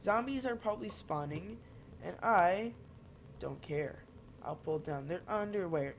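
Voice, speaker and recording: A male gamer talks through his play slowly and loosely, drifting between jokes, asides to his viewers and remarks to his cat. His speech is drawn out and unhurried, and faint noise sits under the voice. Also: high-pitched. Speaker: gaming channel host. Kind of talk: casual gameplay commentary.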